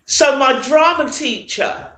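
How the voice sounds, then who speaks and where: A woman singer as an interview guest, reminiscing in casual chat and pausing often with fillers. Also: sits high, a bit bright, slight background noise. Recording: roomy echo.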